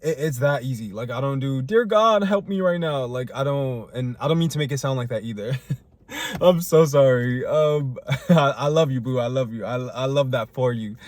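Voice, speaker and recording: A man's voice: medium pitch, moderate pace, a little mellow, dry recording. A young man rambling through a casual personal monologue to camera, full of fillers and restarts. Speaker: vlogger. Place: living in Chicago.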